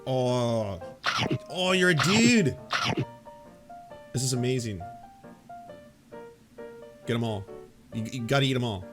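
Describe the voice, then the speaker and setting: Man, co-host, goofy rambling chat, mid pitch, lively intonation. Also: slow, pauses often, music in the background. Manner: goofy, rambling, self-interrupting. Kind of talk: casual commentary chat.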